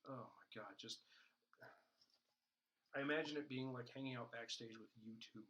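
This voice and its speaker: Bright-voiced man rambling with jokes. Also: mid-range voice, normal speed, lo-fi sound, a little hiss or hum. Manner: rambling and jokey, with many fillers and restarts. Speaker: podcast co-host. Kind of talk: casual chat.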